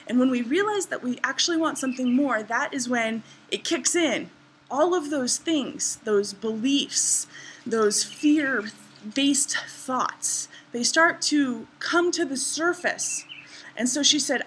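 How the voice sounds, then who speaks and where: Bubbly high-voiced woman vlogging outdoors. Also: unhurried, fairly bright tone, slight background noise. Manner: bubbly, enthusiastic storytelling. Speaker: vlogger and travel writer. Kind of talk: casual vlog to camera. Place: outdoors in a garden.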